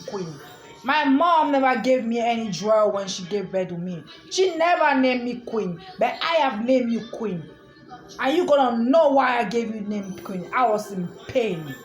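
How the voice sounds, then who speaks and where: Emphatic woman telling her story in an echoey room. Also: fairly high pitch. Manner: emphatic, repeats herself, defiant asides. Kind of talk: emotional personal storytelling.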